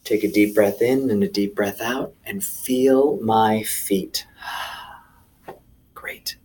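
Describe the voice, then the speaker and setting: A man's voice: fairly low pitch, fairly even intonation, a little slow, warm tone. A man hosting a children's video lesson, speaking playfully and enthusiastically straight to the kids. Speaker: children's teacher.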